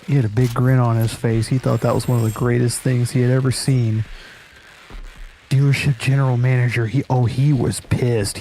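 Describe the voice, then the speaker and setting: Over gameplay, a man who runs a gaming channel spins a casual story, cursing freely and laughing often. He has a mellow, medium-pitched voice, with slight background noise.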